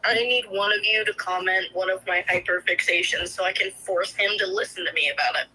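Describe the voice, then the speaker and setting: A woman's voice: fairly low pitch, steady tone, a little fast, pushed and bright, husky, low-quality recording. A young woman co-hosting, dropping dry, teasing quips in casual banter. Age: young adult. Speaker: co-host.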